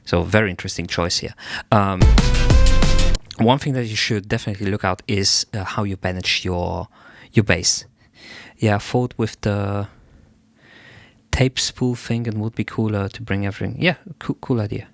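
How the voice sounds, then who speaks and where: A man hosting a livestream, thinking aloud in an unhurried way as he gives feedback on a listener's track. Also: fairly low pitch, fairly even intonation, vocal fry, no room sound. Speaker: music producer giving track feedback.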